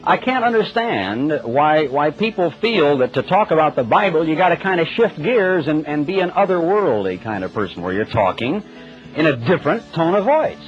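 A male radio preacher delivering a sermon in plain, emphatic everyday speech, his pitch rising and falling a great deal. His voice sits a little high. The sound is dull and lo-fi, with faint music underneath. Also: sing-song, normal speed. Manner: plain-spoken, emphatic, conversational. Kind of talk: broadcast sermon.

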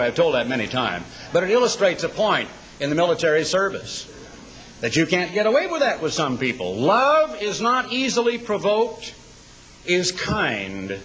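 A man preaching a sermon in a dramatic style, slowing down to recite scripture. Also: medium pitch, fairly bright tone, poor audio.

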